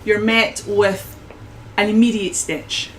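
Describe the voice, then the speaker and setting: A woman narrating a tabletop game as game master, painting scenes at an unhurried pace with frequent restarts. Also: medium pitch, steady tone, a little hiss or hum, rough recording.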